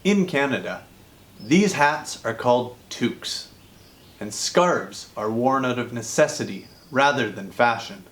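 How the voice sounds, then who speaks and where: Slow, clear-speaking man teaching English. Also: medium pitch, expressive, fairly bright tone. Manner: clear, deliberate explaining to learners. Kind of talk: scripted educational lesson.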